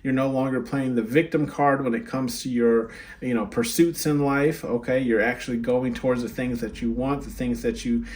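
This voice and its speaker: A man's voice: medium pitch, fairly even intonation, normal speed, darkish tone. Chatty man giving a card reading. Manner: chatty, frequent "right?" and "okay?" check-ins. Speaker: tarot card reader. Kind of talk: casual spoken card reading.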